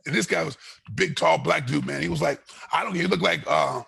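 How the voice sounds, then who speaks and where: A gravelly, very raspy man tells a fight story as an interview guest. He acts out the other people in his tale and often repeats and restarts his words. His voice sits a little high for a man. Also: brisk, fairly bright tone.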